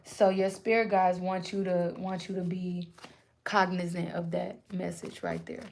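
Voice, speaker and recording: A young woman giving a live channeled spiritual reading to her viewers, speaking in a casual, slangy, animated way. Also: fairly low pitch, measured pace. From Puerto Rican and Native American roots. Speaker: spiritual reader. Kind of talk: live-streamed channeled message.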